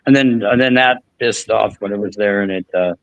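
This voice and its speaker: A man's voice: on the low side, brisk, gravelly, dry recording, rough recording. A man hosting a podcast, telling a long story in casual chat with frequent restarts and fillers. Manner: rambling, many restarts and fillers. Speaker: podcast host.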